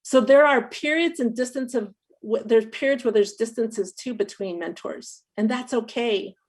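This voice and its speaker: A woman's voice: fairly high pitch, normal speed, darkish tone. A woman on a webinar panel speaking in a reflective, thoughtful way over a video call.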